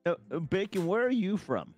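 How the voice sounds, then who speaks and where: A man's voice: sits high, very animated, a little fast, soft background music. A man chatting casually and joking with friends while playing an online game, teasing and playful. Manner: playful, jokey, swings between loud and quiet. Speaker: gaming friend. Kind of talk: casual gaming chat.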